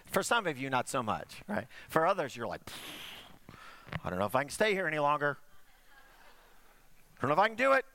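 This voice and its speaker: A man preaching a sermon to a congregation, often asking for an "amen," dropping to quiet asides and slowing down to stress key points. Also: a little high, creaky. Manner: animated preaching, drops to quiet asides, slows for emphasis. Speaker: pastor.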